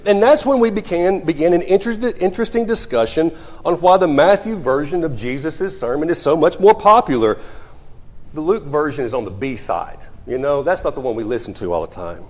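Animated man preaching in a hall. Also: on the high side, fairly quick. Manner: conversational, storytelling, with frequent restarts. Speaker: pastor. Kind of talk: sermon. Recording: muffled sound in a reverberant hall.

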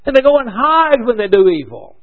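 A man's voice: extremely high pitch, huge pitch swings, brisk. A man preaching a sermon in a conversational way, asking rhetorical questions and correcting himself as he goes. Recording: dull lo-fi recording.

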